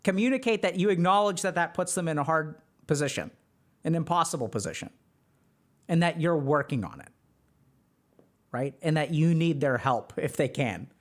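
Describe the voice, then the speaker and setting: Man, slightly higher voice, casual stream advice, emphatic, lots of "like" fillers. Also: expressive, normal speed. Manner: emphatic, many "like" fillers, acts out quoted people. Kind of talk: casual advice talk to a live chat.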